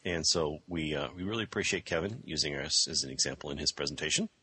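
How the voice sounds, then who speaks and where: Low husky-voiced podcast co-host, a man. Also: steady tone, fast talker, sharp tone. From Michigan, US. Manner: rambling, many fillers and restarts. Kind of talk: casual chat. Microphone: desk microphone.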